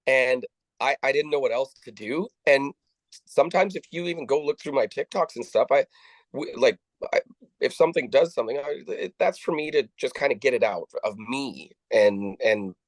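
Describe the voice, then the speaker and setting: Man, interview guest; halting, restart-heavy delivery; acts out quoted lines; dry sound. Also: medium pitch, lively intonation, no echo, poor audio. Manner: halting, with frequent restarts and repeated words; acts out the dialogue of people he quotes. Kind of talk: conversational storytelling.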